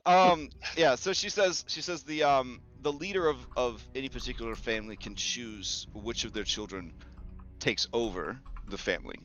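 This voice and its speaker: A man's voice: medium pitch, moderate pace, fairly bright tone. A man running a tabletop game over an online call, chatty and joking as he explains the rules. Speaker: game master. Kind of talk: casual tabletop game narration. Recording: slightly muffled audio with faint music.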